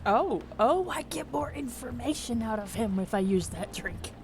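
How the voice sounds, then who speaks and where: A woman chatting casually as a co-host, blunt and laughing often, her voice moving lively up and down. She acts out exasperated back-and-forth quotes. Loud music plays behind her. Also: fairly high pitch, normal speed. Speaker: podcast co-host. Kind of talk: casual chat.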